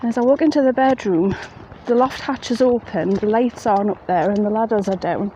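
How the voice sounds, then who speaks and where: A woman's voice: a little high, a little fast, muffled recording. A woman telling a ghost story in a chatty, plain-spoken way, outdoors at night in the rain. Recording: faint rain noise behind.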